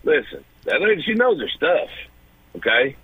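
A man's voice: on the high side, sing-song, normal speed, slightly rough, no room sound, phone-quality sound. A man calling in to a radio show, speaking emphatically to the hosts. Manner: emphatic, addresses hosts directly. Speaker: caller. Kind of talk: phone-in comment.

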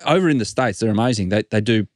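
Low-voiced Australian man, dry and laid-back. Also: animated, quick pace, no room sound. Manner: laid-back storyteller, dry teasing humour. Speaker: podcast co-host, rugby league journalist. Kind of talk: casual chat.

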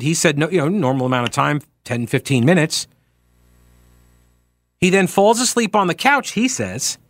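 A man hosting a talk show, giving animated commentary on a trial and acting out quoted speech with rhetorical questions. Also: on the high side, no room sound, clean studio sound.

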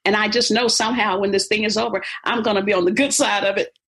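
A woman's voice: mid-range voice, steady tone, quick pace, fairly bright tone, husky. A woman motivational speaker and author talking in an interview, emphatic and preacherly, laughing easily. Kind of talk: interview conversation.

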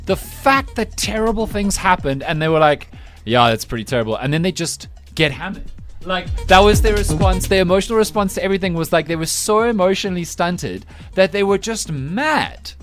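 A male breakfast radio host with a slightly high voice, talking with playful enthusiasm and teasing his co-hosts. Soft music plays underneath him in the studio. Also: normal speed.

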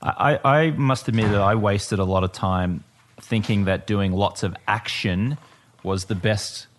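A man co-hosting a podcast in casual chat, speaking in a reflective, measured way. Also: lowish voice, a little hiss or hum.

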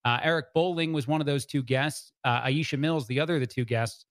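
A man's voice: mid-range voice, fairly quick, no room sound, clean studio sound. A man filling in as a radio host, giving rambling talk-radio commentary with many fillers and restarts. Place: radio studio.

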